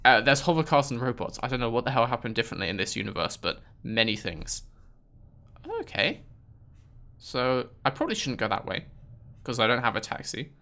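A man's voice: medium pitch, expressive, fairly quick, pushed and bright. A British man commentating a video game, sarcastic and exasperated as he talks back at the game. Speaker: gaming video host. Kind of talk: casual gameplay commentary.

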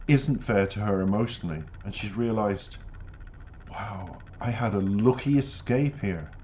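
A man with a fairly low voice hosts a music reaction video, offering reflective commentary and earnest, emphatic advice. The recording sounds dull and lo-fi, with a faint noise underneath. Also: darkish tone. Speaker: music reaction channel host.

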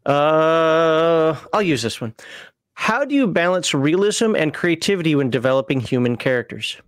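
Man hosting a halting panel chat. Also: fairly high pitch, big pitch swings, no room sound, studio quality. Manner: halting, restarts often while framing questions. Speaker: host of a role-playing panel stream. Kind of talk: casual panel discussion.

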